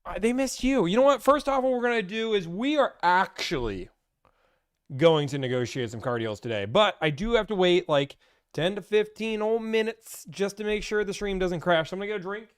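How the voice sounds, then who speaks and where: A young man hosting a casual livestream, talking in an energetic, rambling and playful way. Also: sits high, fairly quick, clear, resonant tone. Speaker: livestream host and car deal negotiator.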